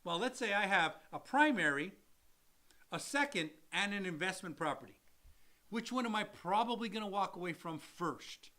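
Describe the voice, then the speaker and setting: A man's voice: sits high, animated, normal speed, bright, forceful tone. A man working as a mortgage loan officer, co-hosting a casual live Q&A and explaining loans with acted-out examples and repeated phrases.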